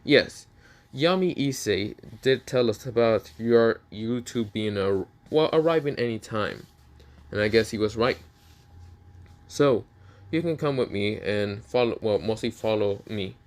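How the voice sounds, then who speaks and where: A calm, gentle young swordsman , as a man storyteller plays him,. He talks softly and plainly, with hesitant fillers. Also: fairly low pitch, measured pace. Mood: amused.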